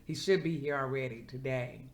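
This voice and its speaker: A woman's voice: rumbling low, fairly quick, background noise. A woman chatting casually to her viewers in an eating vlog, heartfelt and preacherly when she prays. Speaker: vlogger.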